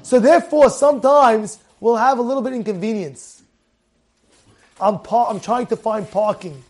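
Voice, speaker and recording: A man teaching a Torah class in a lively storytelling way, repeating phrases and acting out the people in his stories. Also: very high-pitched, fairly quick. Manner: animated, repeats phrases, acts out characters.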